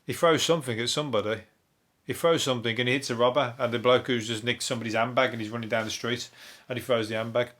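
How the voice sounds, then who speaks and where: A Brummie comedian hosts a solo podcast, riffing on news stories in a dry, deadpan way. He rambles, swears freely and loses his thread. His voice sounds a little hoarse and worn. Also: medium pitch, fast talker. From Birmingham, England. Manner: deadpan, rambling, sweary, laughs at own jokes. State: voice going hoarse.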